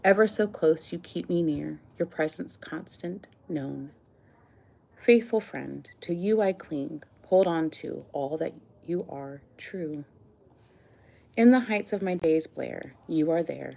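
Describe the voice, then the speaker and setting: A woman reading her own love poems aloud in a soft, earnest, slow and tender way. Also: low voice, lively intonation, creaky.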